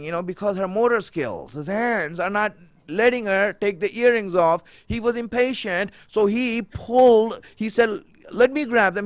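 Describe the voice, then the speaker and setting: High-voiced man preaching an emotional sermon. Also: no echo. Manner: emotional, rising to near-shouts, repeats phrases.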